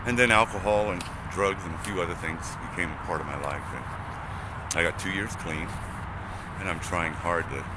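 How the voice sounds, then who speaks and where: A man from Brooklyn, speaking outdoors by a road, first in an announcer style and then telling his story. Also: normal speed. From Brooklyn, New York. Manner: deep announcer delivery, then plain personal account. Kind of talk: street interview. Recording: outdoor street recording with traffic noise.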